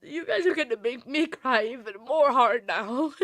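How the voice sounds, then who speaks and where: Teary lady streamer chatting to viewers, laughing a lot, kinda high voice, dry sound. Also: lively intonation, moderate pace, a bit bright, no echo. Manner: gushing, thanking viewers, laughing between phrases. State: tearful. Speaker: livestream host. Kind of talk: casual livestream chat.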